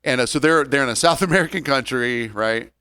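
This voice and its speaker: Smooth-voiced man in his forties, ranting. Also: medium pitch, pushed and bright, no room sound. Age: 40s. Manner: joking, ranting, drawn-out storytelling. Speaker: podcast co-host. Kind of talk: casual chat.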